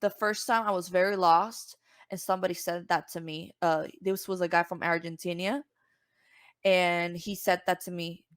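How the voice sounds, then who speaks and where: A woman from Cuba, a singer and podcast guest, telling a story casually and acting out the voices she quotes with big jumps in pitch. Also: fairly even intonation, normal speed, clean tone, no room sound, clean studio sound.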